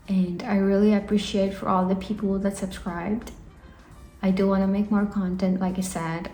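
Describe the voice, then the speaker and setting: A woman's voice: mid-range voice, vocal fry, darkish tone. A woman in her twenties from India, talking to camera in an earnest, encouraging vlog, rambling a little with fillers. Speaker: vlogger. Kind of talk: casual talking-head vlog. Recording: echoey room, faint music.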